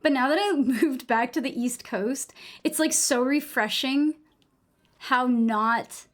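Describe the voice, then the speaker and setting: High-voiced rambling New England woman streamer. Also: slow. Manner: rambling, fills speech with "like", swears casually. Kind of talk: casual chat while gaming on a live stream.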